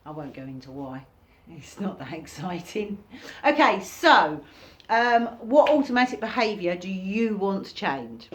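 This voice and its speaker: A woman giving an informal recorded workshop lesson, talking casually and acting out reactions in sudden high bursts. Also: sing-song, unhurried, hardly any pauses, a little hiss or hum. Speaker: workshop teacher.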